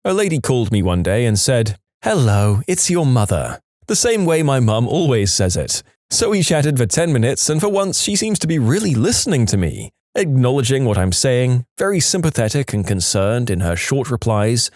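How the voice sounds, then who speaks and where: A man narrating reddit stories in an expressive, scripted way. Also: medium pitch, moderate pace, few pauses, no echo, clean studio sound.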